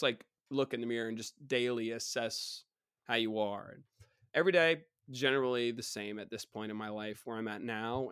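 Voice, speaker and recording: A young man hosting a casual solo podcast, hoarse with his voice partly gone, rambling and animated as he tells stories. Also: medium pitch, dry recording, clean studio sound. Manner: animated storytelling, mocks people in quoted voices, rambling. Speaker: podcast host.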